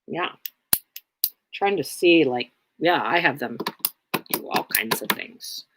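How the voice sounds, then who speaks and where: A woman's voice: sits low, lively intonation, slow, noisy background. A woman hosting a casual livestream, answering viewers in a blunt, rambling way with many fillers. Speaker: livestream host.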